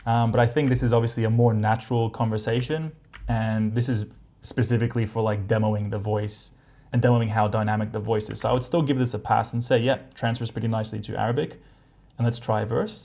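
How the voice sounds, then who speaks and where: A man's voice: medium pitch, steady tone, quick pace, mellow. A man hosting a tech review, casually commenting while he tests voices and thinks aloud with ums.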